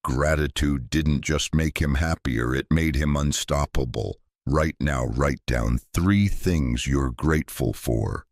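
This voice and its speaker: A man delivering a scripted motivational speech in a slow, deliberate, emphatic way. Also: rumbling low, dry recording, clean studio sound. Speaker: motivational speaker.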